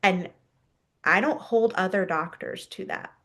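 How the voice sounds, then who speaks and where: A woman's voice: mid-range voice, unhurried, a bit bright. A woman in her thirties, a podcast guest, telling a personal story candidly and laughing now and then.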